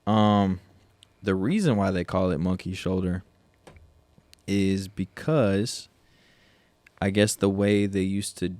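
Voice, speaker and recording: A man's voice: deep voice, fairly even intonation, slow pace, long pauses, a little mellow, no room sound. A young man co-hosting a casual podcast, laid-back and laughing often as he reads a whiskey label aloud. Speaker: podcast co-host. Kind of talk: casual chat, tasting whiskey.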